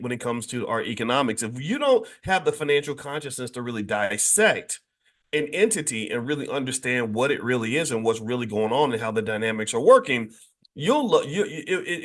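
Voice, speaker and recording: A man hosting a daily show, speaking unscripted to his audience at a middle pitch. He is emphatic and preachy, breaks off and restarts his sentences, and his voice leaps up sharply whenever he drives a point home. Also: a bit bright. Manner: asks listeners to agree. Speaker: host of a daily finance show. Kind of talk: unscripted monologue to an online audience.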